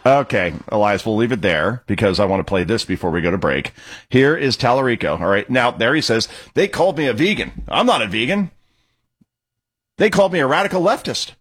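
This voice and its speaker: Animated sarcastic male talk radio host. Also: mid-range voice. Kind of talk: opinionated talk radio commentary.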